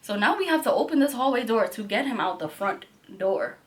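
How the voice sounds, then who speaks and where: A woman's voice: fairly high pitch, a little fast. A young woman telling a story on her vlog with lots of swearing, acting out what people said in raised voices. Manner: animated, profanity-heavy storytelling; acts out quotes in a raised voice. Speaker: vlogger.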